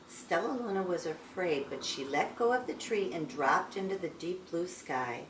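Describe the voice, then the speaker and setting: Woman reading a kids book out loud, bouncy voice, roomy and kinda far off. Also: on the low side, normal speed, few pauses, a little hiss or hum. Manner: lively, expressive storytelling. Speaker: storybook reader. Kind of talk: reading a picture book aloud. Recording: echoey room, a bit distant.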